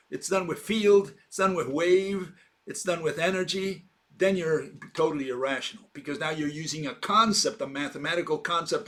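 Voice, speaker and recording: A man talks through an informal physics argument in a slightly higher voice. He is emphatic and argumentative, leaning on rhetorical questions and filler words as he builds his point. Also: fairly bright tone. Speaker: lecturer. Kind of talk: informal explanatory monologue.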